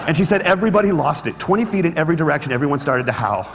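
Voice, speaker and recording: A man's voice: on the high side, lively intonation, racing, few pauses, a bit bright, slight background noise. A man giving a motivational talk to an audience, telling a story with humor and earnest conviction. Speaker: public speaker. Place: large hall with an audience. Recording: long hall reverb.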